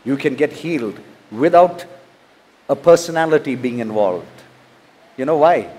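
A man's voice: medium pitch, animated, unhurried, warm tone. A man, a pastor from India, preaching a sermon, reading scripture and asking rhetorical questions. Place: church.

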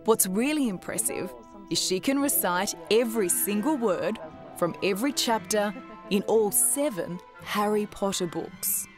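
Australian woman narrating over loud music. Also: medium pitch, unhurried. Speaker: reporter. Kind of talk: scripted narration.

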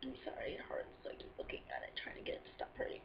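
A woman's voice: very fast, lo-fi sound, background noise. A teenage girl venting about her day in a rambling, sarcastic personal vlog. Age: teens. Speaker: vlogger.

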